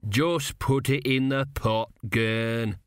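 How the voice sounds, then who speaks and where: A tired, patient veteran embalmer, voiced by a male narrator, answers in slow, unhurried words. He sounds worn but calm, close to the narrator's own voice. The booth is dry. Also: medium pitch, smooth, no echo, close to an everyday voice. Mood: weary. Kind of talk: audiobook character voice.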